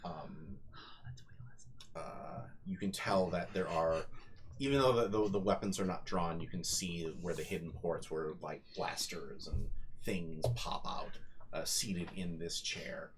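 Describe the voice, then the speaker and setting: A man running a tabletop game as game master, describing scenes in halting bits full of ums and restarts. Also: sits low, noisy background.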